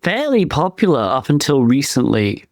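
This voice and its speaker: A man co-hosts a casual podcast and talks through his opinions as they come to him. His voice sits at an ordinary pitch and sounds dry and close to the mic. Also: very animated, normal speed, dry recording. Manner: opinionated, thinking aloud. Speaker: podcast co-host; penetration tester. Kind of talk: casual chat.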